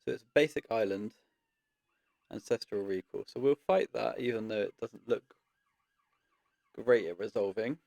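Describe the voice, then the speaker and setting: A man giving casual gameplay commentary, thinking aloud in a relaxed way with frequent pauses and ums. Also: on the low side, creaky, no echo. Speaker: card game content creator.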